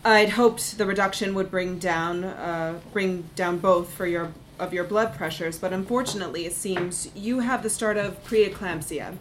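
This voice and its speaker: A woman reading a story, voicing a calm male doctor in a measured, clinical way. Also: lowish voice, noisy background, lightly acted. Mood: grave.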